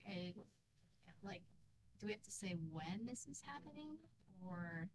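A woman's voice: mid-range voice, animated, a little slow, a little mellow, slight background noise, poor audio. A woman in a church group discussion, asking questions tentatively. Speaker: group member.

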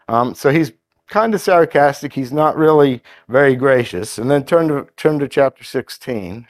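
A man preaches a sermon conversationally and haltingly, with fillers and restarts, then reads scripture aloud in a steadier cadence. His voice is medium-pitched and animated.

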